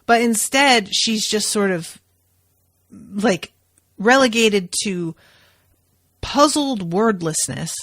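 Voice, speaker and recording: A woman co-hosting a podcast, chatting casually and telling stories in an animated way with the odd swear word. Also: mid-range voice, slow, long pauses, no echo. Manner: animated, profane storytelling. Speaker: podcast co-host.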